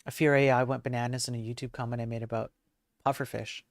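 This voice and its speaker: A man's voice: medium pitch, level tone, quick pace, dry recording, studio quality. A man hosting a live stream, chatting casually and self-deprecatingly with his viewers, rambling from one aside to the next. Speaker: livestream host.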